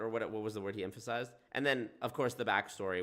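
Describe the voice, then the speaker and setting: Bright-voiced man mocking a video. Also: medium pitch, fast talker, few pauses. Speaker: commentary host. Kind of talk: reaction commentary.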